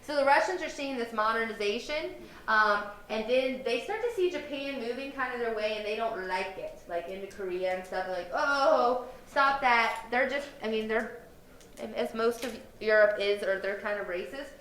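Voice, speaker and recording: A woman's voice: a little high, normal speed, fairly bright tone. A woman history teacher giving a casual, chatty classroom lecture. She often acts out quoted lines in a playful way. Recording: echoey classroom.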